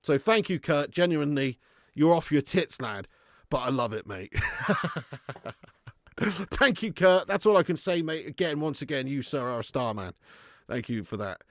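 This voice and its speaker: A man's voice: on the high side, very animated, moderate pace, pauses often, dry recording, clean studio sound. A young adult man hosting a casual livestream, chatty, laughing often and reading out viewer comments. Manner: chatty, laughs often, puts on mock regional accents. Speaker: fan channel livestream host.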